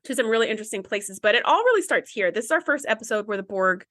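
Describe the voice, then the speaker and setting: Woman podcast co-host, fairly high voice, earnest and enthusiastic, dry close sound. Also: expressive, fast, fairly bright tone, no room sound. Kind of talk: casual chat about a TV episode.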